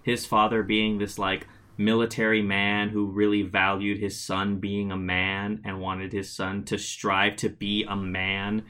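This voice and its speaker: A man co-hosting a relaxed podcast, talking things through in an easygoing conversation. He rambles and presses his points hard, leaning on fillers as he searches for the right words. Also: fairly low pitch, measured pace, hardly any pauses, smooth. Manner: rambling and emphatic, with frequent fillers. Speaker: podcast co-host. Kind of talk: casual podcast chat.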